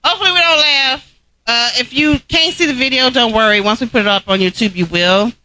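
A woman's voice: fairly high pitch, a little fast, bright, forceful tone, rough recording. A woman co-hosting a casual podcast, joking crudely and bursting into laughter. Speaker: co-host.

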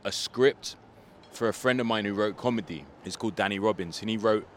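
Man, low register, laid-back guest telling stories outdoors, loose and chatty, faint street noise. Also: fairly quick. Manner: relaxed storytelling, frequent "like" fillers. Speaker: guest, comedian and rapper. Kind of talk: casual interview chat.

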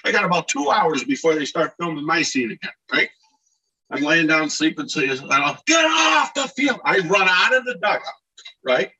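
A man with a very bright, somewhat husky voice tells his stories in a lively way and often restarts his sentences. He sounds a little distant from the mic, and his pitch sits a bit high. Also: brisk. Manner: animated, acts out shouted quotes, many restarts. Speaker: guest, former ballplayer telling stories. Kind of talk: casual storytelling interview.

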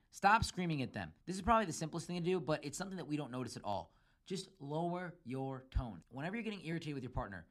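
Fast-talking man giving relationship advice. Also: mid-range voice. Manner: emphatic, acts out quoted arguments in a raised voice; lays out numbered steps. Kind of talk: solo advice talk.

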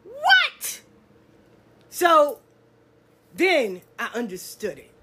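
A woman who reads cards, telling stories in a loud, animated, profane monologue. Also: high-pitched, moderate pace, background noise. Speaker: spiritual card reader. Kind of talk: casual storytelling monologue.

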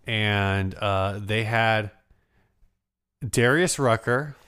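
A man's voice: fairly low pitch, drawn-out words, a bit bright, smooth. A man co-hosting a casual podcast, rambling and self-deprecating, often trailing off mid-thought. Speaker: podcast co-host. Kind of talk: casual chat.

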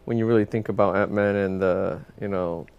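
A man co-hosting a casual movie podcast, talking in a relaxed, rambling way. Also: fairly low pitch, fairly quick, vocal fry, smooth, highs cut off. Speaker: podcast co-host. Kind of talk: casual movie review chat.

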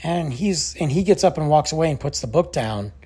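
A man's voice: a little high, expressive, brisk, a little mellow, breathy edge. A young adult man, a podcast host telling a story in a casual, exasperated way and acting out the others' lines.

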